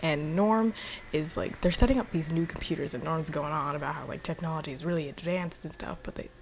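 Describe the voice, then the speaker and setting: A woman's voice: low-pitched, fairly quick, vocal fry, a little hiss or hum. A young woman casually recapping a TV episode in a chatty, rambling way, full of "like.". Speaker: video reviewer.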